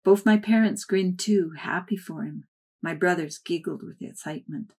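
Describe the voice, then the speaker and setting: A woman with a somewhat low voice reads a first-person memoir aloud. Her storytelling is soft and measured. The narration is unhurried. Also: slightly rough.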